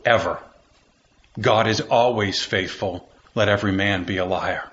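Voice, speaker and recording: A man's voice: fairly low pitch, unhurried, a bit bright, highs cut off. A man preaching a sermon as pastor, building phrases through repetition and rising fervor.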